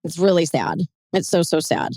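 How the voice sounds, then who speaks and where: A woman hosting a podcast in casual interview chat, animated, chatty and quick to laugh. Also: lowish voice, no echo, clean studio sound. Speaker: podcast host.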